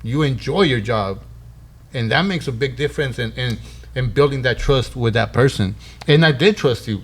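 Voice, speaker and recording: A man hosting a podcast in a relaxed, casual way, often saying "man" and "yeah", and getting emotional. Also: medium pitch. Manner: relaxed, warm, many fillers like "man" and "yeah". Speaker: podcast host. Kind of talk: casual conversation.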